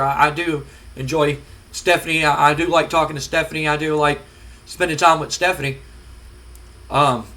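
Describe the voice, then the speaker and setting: Brief: man playing a polite, hesitant wrestler, slightly high bright voice. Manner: hesitant, mild.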